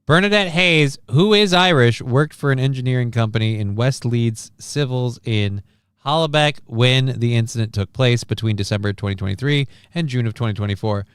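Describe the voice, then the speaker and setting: A man hosting a casual live stream, reading out a news story and viewer comments with wry, deadpan asides. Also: medium pitch, moderate pace, clear, resonant tone, dry recording, clean studio sound. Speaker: stream host.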